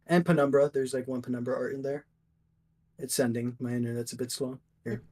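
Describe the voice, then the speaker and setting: A man's voice: mid-range voice, fairly even intonation, brisk, mellow. A young man, a guest artist, chatting casually in a rambling, upbeat way with lots of fillers. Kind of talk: casual chat.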